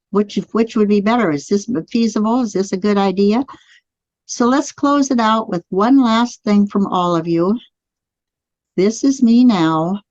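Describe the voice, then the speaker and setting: A woman teaching a live online class who walks her listeners through spoken affirmations. Her voice sits mid-pitch, and the sound is dry and slightly muffled, as if streamed over a computer mic. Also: no room sound. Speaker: energy healing teacher. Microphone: computer mic on a live video stream.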